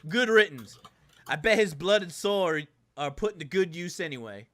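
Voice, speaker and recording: A rowdy old redneck father, loud and whooping, his voice jumping high and bright as a man puts him on. He drawls every line with hollering gusto. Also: animated, moderate pace. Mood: blustering.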